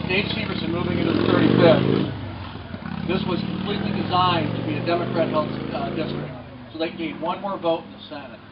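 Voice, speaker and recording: An earnest man speaks at an outdoor rally, his voice a little high and heard from a distance. The recording is dull and lo-fi, with clear background noise and a steady hum of outdoor ambience. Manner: earnest, plain-spoken, many fillers. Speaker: state senate candidate. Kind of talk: outdoor campaign rally speech.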